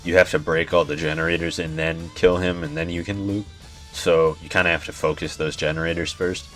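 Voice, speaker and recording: Very deep-voiced young man, laid-back gaming commentary. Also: level tone, brisk, fairly bright tone, soft background music. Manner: laid-back, swears a lot, chuckles often. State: yawning, tired. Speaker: gaming YouTuber. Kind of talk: casual gameplay commentary.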